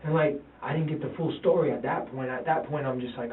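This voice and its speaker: A man, a father in a police interview, talking haltingly, repeating himself and quoting his sons. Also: medium pitch, fairly even intonation, a little hiss or hum. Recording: tinny, roomy, distant interview-room recording.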